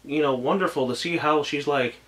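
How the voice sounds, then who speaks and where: A man's voice: a little high, fairly quick, fairly bright tone. A man reviewing an anime episode in casual talk, gushing and emotional, rambling with many restarts and trailing thoughts.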